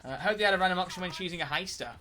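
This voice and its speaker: A man's voice: high-pitched, very fast, sharp tone. A young man streaming a video game, chatting casually and rambling in a jokey way, swearing freely as he plays. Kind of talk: casual gameplay commentary.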